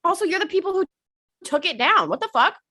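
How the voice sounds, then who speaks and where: A woman's voice: very high voice, lively intonation, brisk, bright, forceful tone. A young woman co-hosting a podcast in casual chat, talkative, cursing often and laughing a lot. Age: young adult. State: hiccups. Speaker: podcast co-host.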